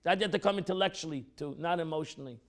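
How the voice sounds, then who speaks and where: A man teaching an informal Torah class as a rabbi, animated and repetitive, acting out quotes as he explains. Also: on the high side, rapid-fire. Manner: animated, repeats phrases, acts out quotes.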